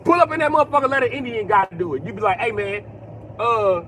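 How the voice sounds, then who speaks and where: A man's voice: very high-pitched, expressive, racing, fairly bright tone, slight background noise. A man vlogging a blunt, profane rant from his car. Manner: blunt, crude, emphatic. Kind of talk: profane ranting monologue.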